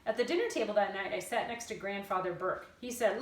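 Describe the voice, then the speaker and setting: A woman's voice: medium pitch, lively intonation, brisk, hardly any pauses. Woman reading a novel aloud in a roomy space. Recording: roomy, from far off the mic.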